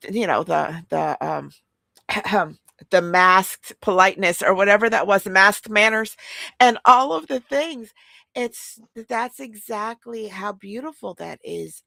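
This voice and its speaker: A woman talks in a casual podcast chat with a gravelly edge to her mid-pitched voice. She tells her story in a giggly, animated way. The sound is close and dry. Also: no room sound.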